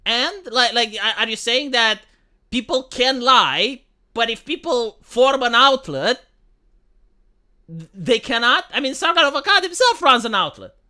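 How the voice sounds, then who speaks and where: A woman's voice: fairly high pitch, lively intonation, measured pace, bright, forceful tone. A woman from Romania giving casual livestream commentary, rambling with many restarts and some swearing. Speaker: live streamer.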